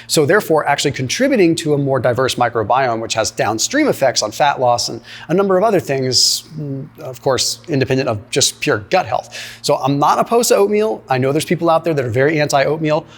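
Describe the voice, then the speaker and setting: A man breaking down diet advice in an emphatic, explanatory way. He talks fast and conversationally, tossing in "like" and "right?" as he goes. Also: on the high side, animated. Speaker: nutrition commentator. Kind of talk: commentary reacting to a clip.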